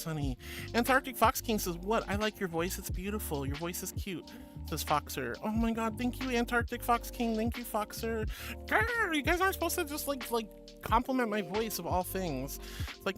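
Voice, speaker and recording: A woman streamer chatting casually on a livestream, bubbly and giggly, reading chat messages aloud. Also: mid-range voice. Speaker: VTuber streamer. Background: background music.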